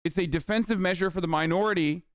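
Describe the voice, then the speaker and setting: A man in his thirties rants angrily about politics on a live stream, cursing, sarcastic, and reading chat messages aloud. His high voice is clean-toned and fast, recorded dry with clean studio sound.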